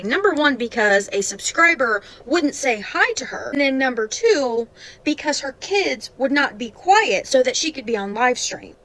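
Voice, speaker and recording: A woman's voice: high-pitched, very animated, moderate pace, fairly bright tone. A woman commentator narrating and criticizing a streamer's behavior in a matter-of-fact way.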